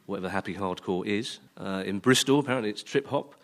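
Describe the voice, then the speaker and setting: A man on a radio comedy panel show, telling jokes and reading an advert in a deadpan way. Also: lowish voice, fast talker. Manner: deadpan jokey delivery.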